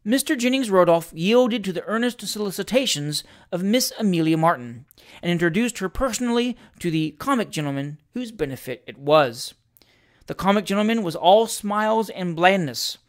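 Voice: medium pitch, normal speed. Theatrical reader of comic classic fiction. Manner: lively, theatrical narration with shouted character lines. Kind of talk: dramatic reading of a comic story.

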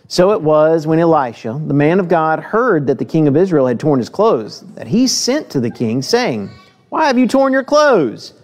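A man preaching a sermon in a church, his voice sitting a little high for a man. He reads scripture aloud and gives its speakers lively acted voices. Then he turns to the congregation and talks plainly, asking them direct questions. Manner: asks the listeners direct questions.

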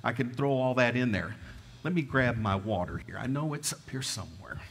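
Southern-twanged preacher in a reverberant church. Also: male voice, mid-range voice, lively intonation, brisk, fairly bright tone, slight background noise. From American South. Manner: folksy, conversational, asks the congregation questions. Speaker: pastor. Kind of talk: storytelling sermon. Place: church sanctuary.

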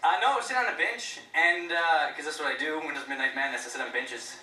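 A man, a stand-up comedian with dry, deadpan wit, doing a set and an interview. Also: fairly high pitch, quick pace, echoey room, far from the mic, noisy background.

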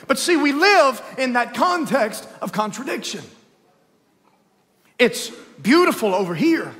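A man preaching a lively Easter sermon in a church, swinging between loud calls and hushed storytelling. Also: very high-pitched, slow, long pauses. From Texas. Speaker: pastor. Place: church sanctuary, live service. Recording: long church hall reverb.

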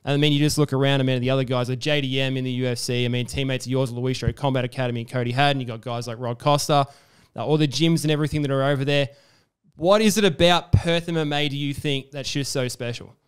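Fast-talking podcast host. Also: male voice, mid-range voice, fairly even intonation, smooth. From Australia. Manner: chatty, filler-heavy, enthusiastic. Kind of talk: casual sports interview.

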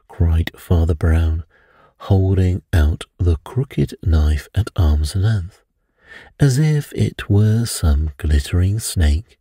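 A man narrating a bedtime detective story in a soft, measured, soothing way. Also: low voice, husky, dry recording, studio quality.

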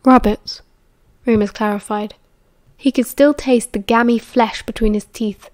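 Give me a British woman with a somewhat high voice, reading an audiobook in a measured way. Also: steady tone, darkish tone. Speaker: audiobook reader. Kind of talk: audiobook narration.

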